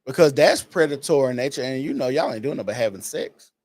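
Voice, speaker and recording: A man in casual podcast chat, quick and agreeable, often restarting his sentences. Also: medium pitch, expressive, a little mellow, no echo. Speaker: podcast co-host.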